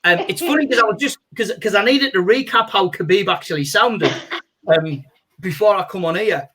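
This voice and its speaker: A male comedian, a guest on a video call, chatting casually in a rambling, animated way full of "you know". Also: high voice, moderate pace, husky.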